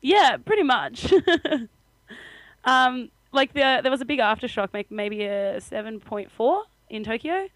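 A woman's voice: on the high side, animated, a little slow, dry recording, low-quality recording. A young Australian woman co-hosting a podcast, telling a story in casual chat with frequent laughter. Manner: chatty storytelling, laughs often. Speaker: podcast co-host.

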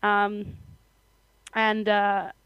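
A woman's voice: medium pitch, monotone, drawn-out words, smooth, no echo, muffled recording. A young Australian woman co-hosting a podcast, telling a story in casual chat with frequent laughter. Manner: chatty storytelling, laughs often. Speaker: podcast co-host.

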